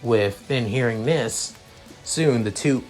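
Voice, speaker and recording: A man reading his own fan story aloud in a halting, improvised way, often restarting his sentences. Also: medium pitch, darkish tone, soft background music. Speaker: story reader.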